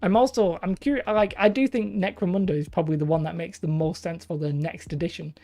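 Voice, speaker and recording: A woman's voice: fairly low pitch, steady tone, fast talker, mellow, soft background music. A woman hosting a live stream, chatting casually and rambling as she reads out viewers' comments. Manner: rambling, chatty, self-deprecating.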